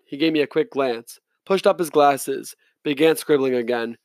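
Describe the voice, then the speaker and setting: A man's voice: mid-range voice, normal speed, hardly any pauses, no echo, studio quality. A man narrating a novel in the first person, reading plainly with the odd slip and restart. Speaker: audiobook reader.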